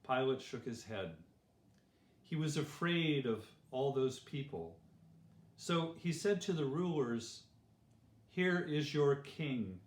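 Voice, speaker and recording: A man slowly and gently reading a Bible story for children. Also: medium pitch, animated. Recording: roomy echo.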